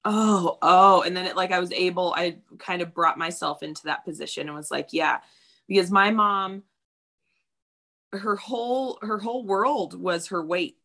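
Woman, 30s, gravelly fry, candid and profane in casual chat. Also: fairly low pitch, moderate pace, bright, forceful tone. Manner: candid, swearing freely, acts out quotes.

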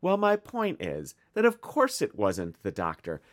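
Lively Midwestern American man. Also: lowish voice, unhurried. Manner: rambling and animated. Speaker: podcast co-host. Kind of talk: casual chat.

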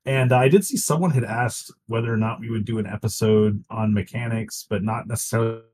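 A man's voice: lowish voice, brisk, noisy background. A man co-hosting a casual gaming podcast, laid-back and casually profane. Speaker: podcast co-host. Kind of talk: casual podcast chat about an online game.

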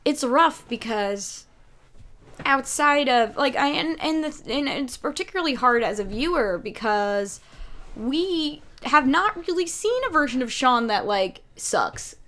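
A woman co-hosting a casual TV recap podcast, animated and filler-heavy, acting out quotes from the show. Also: high voice, measured pace. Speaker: podcast co-host. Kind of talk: casual chat.

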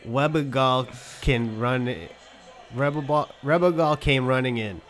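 A man's voice: medium pitch, measured pace, a bit bright. A man co-hosting a casual comedy podcast, reading a story aloud and breaking into laughter often. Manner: reads with frequent laughter.

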